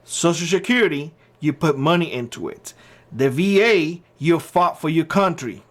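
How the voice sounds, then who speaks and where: A man's voice: a little high, moderate pace. A man hosting his own channel, giving blunt opinion commentary and hammering his points by repeating short phrases. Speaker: channel host.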